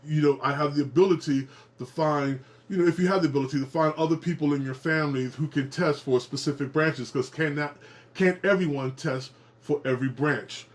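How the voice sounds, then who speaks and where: Animated middle-aged man explaining genealogy. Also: a little fast. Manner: animated, repeats and restarts phrases, swings pitch for emphasis. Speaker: genealogy video host. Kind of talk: casual explanatory talk to camera.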